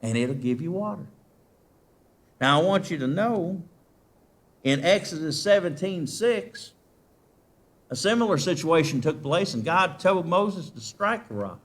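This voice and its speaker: High-voiced preacher asking rhetorical questions. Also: male voice, lively intonation, a little slow, long pauses. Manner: asks the congregation rhetorical questions, swinging from loud to very soft. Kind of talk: sermon.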